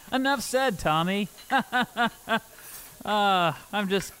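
A man's voice: high-pitched, animated, extremely slow, sharp tone, smooth, full character voice. A man playing an overdramatic fencer father in a comedy sketch, lurching from stern lecturing to sobbing apologies. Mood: cheerful. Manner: melodramatic, swings from stern to sobbing. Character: doting overdramatic fencer father, middle-aged.

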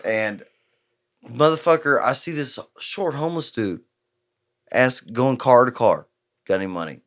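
Profane, animated man. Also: medium pitch, measured pace. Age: 20s. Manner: profane, animated storyteller acting out quotes. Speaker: podcast host. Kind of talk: casual storytelling chat.

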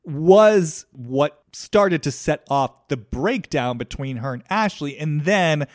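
A man's voice: on the high side, lively intonation, takes it slowly, no echo, studio quality. A man hosting a casual podcast conversation, asking probing, reflective questions. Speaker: podcast host.

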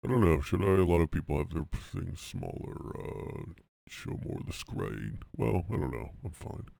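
A man's voice: low voice, very animated, normal speed, creaky, mellow, dry recording. A man hosting a casual solo podcast from his room, rambling and irreverent, often repeating himself. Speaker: podcast host.

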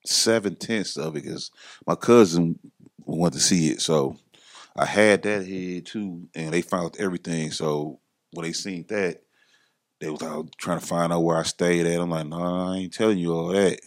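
Deep-voiced man telling a story. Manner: slangy, animated, acts out quoted voices. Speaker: podcast guest. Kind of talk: casual storytelling interview.

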